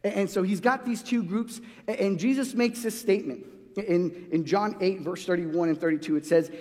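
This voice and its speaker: A man's voice: high voice, normal speed, darkish tone. A man preaching a sermon in a loose, conversational way, restarting phrases often and acting out the voices he quotes. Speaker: pastor. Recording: long hall reverb.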